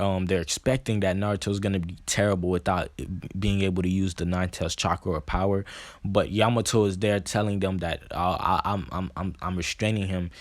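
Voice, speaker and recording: Halting low-voiced man telling a story. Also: dry recording. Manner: halting, filler-heavy, many restarts. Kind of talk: casual fan-fiction retelling.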